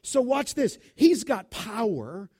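A man preaching a sermon in an animated, emphatic, conversational way, full of rhetorical questions. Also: sits high, slow, husky.

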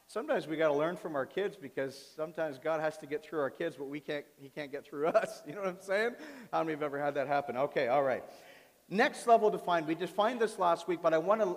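A man preaching a sermon as pastor, animated, often turning to his congregation with questions. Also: a little high. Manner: animated, asks the audience questions. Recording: reverberant hall.

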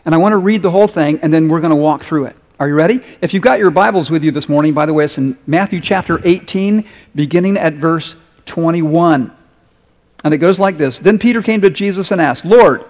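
Guy preaching a sermon, kinda high voice, echoey church hall, asks the crowd questions. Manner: conversational preaching with rhetorical questions. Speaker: pastor.

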